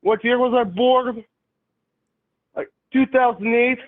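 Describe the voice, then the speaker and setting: A man in his thirties with a Russian accent, calling in and speaking halting, broken English in a literal, puzzled way. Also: extremely high pitch, steady tone. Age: 30s. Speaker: caller. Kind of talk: call-in phone conversation. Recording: tinny phone line.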